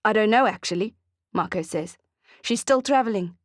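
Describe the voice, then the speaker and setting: A woman reading the part of a calm, soft-spoken, spiritually detached man in a measured way. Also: mid-range voice, dry recording, clean studio sound, close to an everyday voice. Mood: serene.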